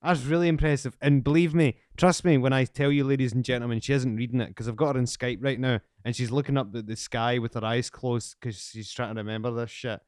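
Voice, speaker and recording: A man who talks quickly in a smooth, crisp voice, recorded dry and close. He hosts a podcast with a cheeky, sweary, teasing manner. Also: mid-range voice, steady tone, a little mellow, no echo. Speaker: podcast host. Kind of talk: casual podcast chat.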